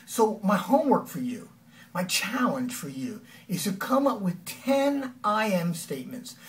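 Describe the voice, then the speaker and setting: Energetic male life coach, distant mic. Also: high-pitched, measured pace, a little hiss or hum. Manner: energetic, conversational, acts out quotes. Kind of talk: motivational talk to camera.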